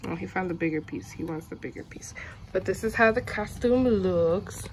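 A woman vlogging at home, chatting casually to the camera and switching to high coaxing baby talk with her dog. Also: moderate pace, noisy background.

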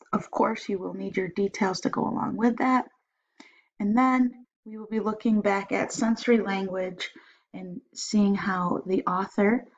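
A woman teacher explaining a week's reading lesson in a clear, guiding classroom manner. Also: medium pitch. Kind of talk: read-aloud lesson. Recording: slightly dull lo-fi audio.

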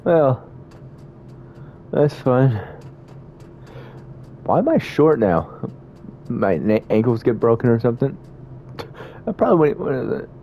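A man's voice: medium pitch, big pitch swings, a little slow, long pauses, narrow, tinny audio, a little hiss or hum. A young man commentating a horror game, talking to himself, swearing and panicking at scares. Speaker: gamer playing a horror game. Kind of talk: let's-play commentary.

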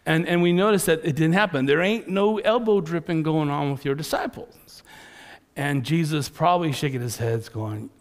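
A man preaching a sermon as pastor in a church, telling lively personal stories. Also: on the high side, normal speed. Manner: animated storytelling.

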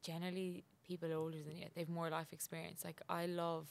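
Low, gravelly Irish woman chatting. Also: completely flat delivery, a little fast. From Ireland. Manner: chatty, reflective, peppered with "like". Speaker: podcast guest, athlete. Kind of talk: casual chat.

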